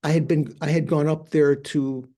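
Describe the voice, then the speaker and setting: Older male monk teacher, unhurried anecdotes, warm low-brightness tone, often gropes for words. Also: flat delivery. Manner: hesitant, searching for words with many fillers.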